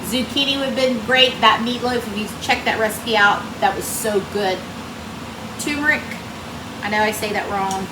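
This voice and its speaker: A woman's voice: medium pitch, fairly even intonation, brisk, few pauses. A woman chatting folksily to viewers while cooking in her home kitchen. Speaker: cooking vlogger. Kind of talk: casual cooking chat. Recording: roomy kitchen with air-conditioner hum. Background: central air running.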